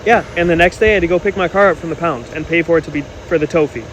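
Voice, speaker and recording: A man's voice: on the high side, very fast. Indignant man telling a dating story. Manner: animated, indignant retelling. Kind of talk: casual storytelling to camera. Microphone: phone camera. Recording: faint background noise.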